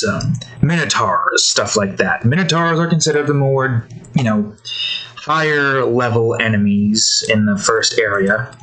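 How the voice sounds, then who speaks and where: A man's voice: mid-range voice, fairly bright tone, poor audio. A man giving casual, rambling commentary while he draws, often correcting himself and stopping for breath. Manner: rambling, self-correcting, many fillers. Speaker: drawing video creator.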